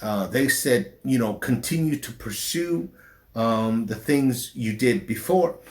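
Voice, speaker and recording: A middle-aged man with a faint southern drawl talks about his life in a frank interview. He speaks very slowly, pausing and restarting his sentences, at an ordinary pitch. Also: expressive. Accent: slight southern drawl since his stroke. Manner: slow, halting speech with restarts after a stroke. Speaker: pastor. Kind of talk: personal interview.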